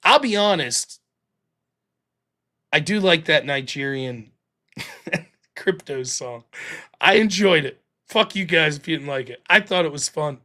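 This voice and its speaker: A man's voice: fairly high pitch, expressive, measured pace, pauses often, bright, forceful tone. A man hosting a casual livestream, talking in a joking, profane, ranting way. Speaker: livestream host.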